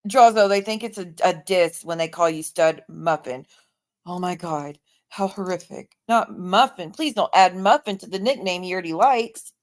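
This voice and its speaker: A woman's voice: on the low side, normal speed. A woman chatting casually on her livestream, blunt, profane and openly sarcastic.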